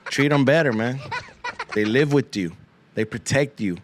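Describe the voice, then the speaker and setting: A man's voice: medium pitch, normal speed, background noise. A man hosting a podcast, riffing through a rambling, profane comic monologue and dropping Spanish slang into his English. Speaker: podcast host. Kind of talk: comedic monologue.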